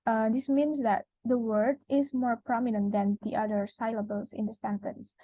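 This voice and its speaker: Young Indonesian woman presenting, slightly high voice. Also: flat delivery, moderate pace, no room sound. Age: young adult. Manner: explains step by step with frequent uh fillers. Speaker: student presenter. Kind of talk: class presentation. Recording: dry, dull lo-fi recording.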